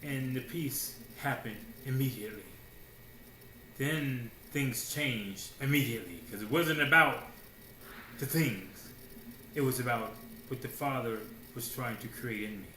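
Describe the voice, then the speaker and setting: A man preaching a sermon in a casual, slangy way, swinging between hushed asides and loud declarations with many rhetorical questions. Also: mid-range voice, unhurried, a little hiss or hum. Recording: roomy echo.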